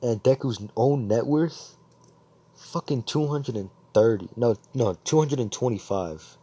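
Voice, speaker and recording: A man's voice: mid-range voice, a little slow, warm tone, breathy edge, lo-fi sound. A man improvising a fan fiction story aloud, rambling, swearing and correcting himself as he goes.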